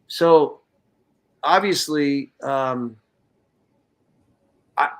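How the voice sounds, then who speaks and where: Animated, cursing former pro telling stories. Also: male voice, mid-range voice, drawn-out words. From California. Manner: animated, profane, acts out quotes. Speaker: guest, former soccer player. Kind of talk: casual storytelling interview.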